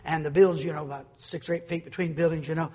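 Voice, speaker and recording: A man preaching a fervent sermon. He swings from loud declarations to soft asides and stumbles through restarts. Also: on the high side, steady tone, fast, husky. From North Carolina, USA. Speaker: pastor. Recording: long reverb of a large church hall.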